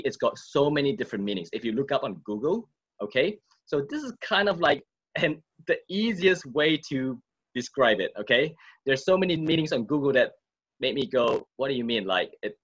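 A man with a husky, slightly breathy voice talks his viewers through an idea in a loose, conversational way. He keeps checking in with a quick "okay?" as he goes. The recording sounds dull and lo-fi. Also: medium pitch, fairly bright tone. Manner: checks in with frequent "okay?" and "right?". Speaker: wellness speaker. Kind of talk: casual explanatory talk to viewers.

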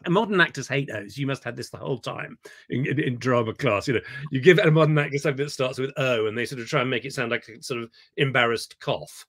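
A man leading an online acting workshop. He is animated and digressive, repeating words when he gets excited, heard over a video call. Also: mid-range voice, quick pace. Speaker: theatre director leading a workshop.

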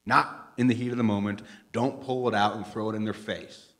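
A middle-aged man preaching a conversational sermon in a church, animated and joking, swinging from loud bursts to hushed asides. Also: lowish voice, brisk. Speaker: pastor. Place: church sanctuary.

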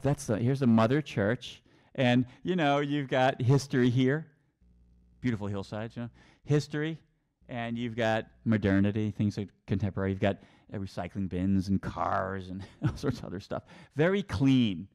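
A man's voice: on the low side, moderate pace, darkish tone. A middle-aged man from New England giving a casual virtual tour, rambling with many restarts and chuckles. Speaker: tour guide and teacher.

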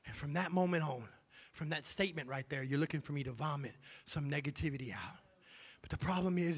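A male pastor delivers an emphatic sermon in a church sanctuary, returning again and again to his key phrases. His voice is fairly high with a breathy edge and a quick pace, set against long hall reverb.

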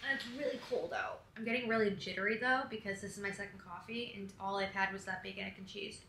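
A woman's voice: mid-range voice, fairly even intonation, quick pace, a bit bright. A young woman from Connecticut talking casually to camera for a vlog, chatty and self-deprecating, with lots of "like". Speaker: vlogger. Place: hotel room in bed and out in a city. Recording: faint background noise.

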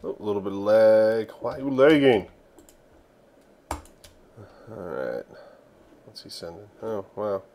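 A young man casually commentating his own strategy game while he plays, excitable and talking to himself. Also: on the low side, unhurried, pauses often, slight background noise. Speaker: gaming channel host.

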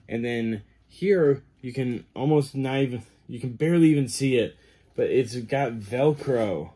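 Slow-talking, gushing male cosplay vlogger. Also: medium pitch, a little hiss or hum. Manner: gushing, excitable, talks to viewers. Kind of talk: casual product review.

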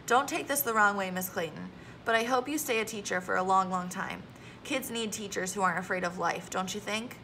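In a storybook read-aloud, a gentle male lawyer talks low and quiet, earnest and kind, as a woman reads him. The tone is bright, with a gravelly edge. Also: fairly quick, slight background noise, rough recording. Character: male lawyer, grown man, kindly and earnest.

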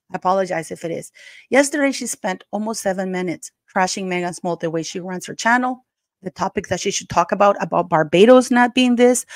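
A woman's voice: medium pitch, dry recording, studio quality. A woman hosting her own channel, giving heated, emphatic commentary and speaking straight to her viewers as "guys". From Canada. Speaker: YouTube channel host.

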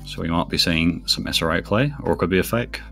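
A man casually commentating a video game match on stream, chatty and teasing, with quick bursts of excitement on plays. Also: sits low, gravelly, soft background music. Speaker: esports commentator.

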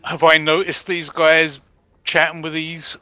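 Bright-voiced male tabletop player. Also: on the high side, little pitch movement, a little slow, dry recording. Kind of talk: casual game chat.

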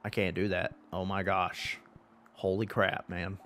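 A man's voice: low-pitched, a little slow, pushed and bright, soft background music. A young man giving profane, exasperated commentary while playing a video game, talking at the game. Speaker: gaming YouTuber. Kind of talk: frustrated gameplay commentary.

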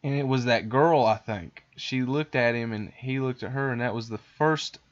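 A man hosting a podcast, casually retelling a cartoon plot in a rambling, animated way. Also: mid-range voice, moderate pace, highs cut off. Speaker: podcast host.

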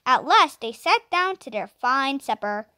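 Expressive woman reading a children's book. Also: sits high, measured pace, dry recording, studio quality. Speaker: children's audiobook reader. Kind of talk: storybook reading.

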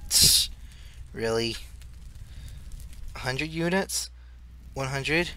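A man doing let's play commentary, talking to himself as he plays and bursting into excited squeals. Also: mid-range voice, slow pace, pauses often, slight background noise. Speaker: gaming channel host.

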